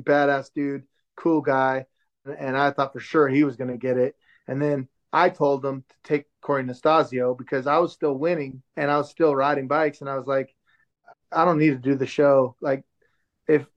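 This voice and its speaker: A man in his forties telling a story in a casual chat, acting out the voices of the people he quotes. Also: fairly high pitch. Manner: animated, acts out quoted dialogue. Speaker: show host telling a story as podcast guest. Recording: dull lo-fi sound.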